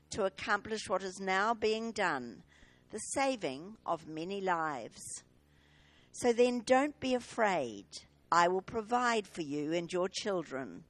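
Slow, measured New woman reader. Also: mid-range voice, dry recording. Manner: measured, expressive reading aloud. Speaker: scripture reader. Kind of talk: liturgical Bible reading. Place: church service.

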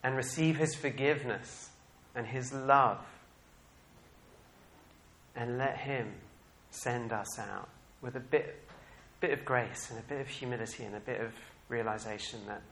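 Man, preacher, sermon, animated, laughs often, quiet then suddenly loud, middling pitch. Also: a little slow, a little hiss or hum. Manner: animated, laughing often, rising to bursts of loud excitement then dropping soft.

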